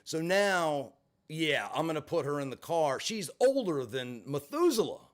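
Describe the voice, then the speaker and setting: A man hosting a livestream, telling a story in a casual, blunt and profane way, swinging from flat to heated. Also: fairly high pitch, unhurried. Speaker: livestream host.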